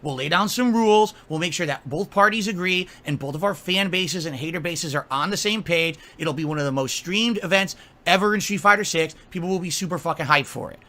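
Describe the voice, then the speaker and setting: A man's voice: sits high, a little fast, hardly any pauses, pushed and bright. A man delivering an angry, profane rant, scolding and mocking someone directly. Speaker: streamer.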